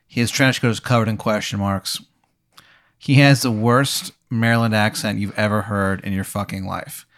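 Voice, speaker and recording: A man's voice: on the low side, fairly even intonation, fairly bright tone. Rambling man narrating a comic scene. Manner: rambling, profane, halting with many fillers. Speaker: game master. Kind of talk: narrating a comedic tabletop role-play.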